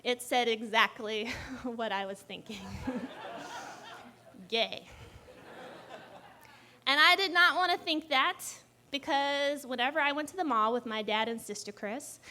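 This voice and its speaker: A young woman telling a personal story live, animated and often laughing as she talks. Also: fairly high pitch, a little slow, long pauses, a little hiss or hum.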